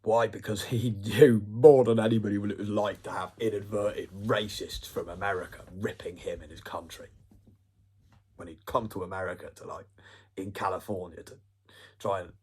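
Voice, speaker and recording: A man's voice: lowish voice, steady tone, moderate pace, a little mellow, slightly rough. A man giving a rambling, profane monologue. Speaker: vlogger.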